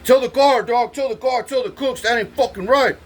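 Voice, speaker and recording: A man voicing an indignant male inmate who complains loudly and stammers. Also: very high-pitched, a little fast, a little hiss or hum, pitched above the performer's own voice.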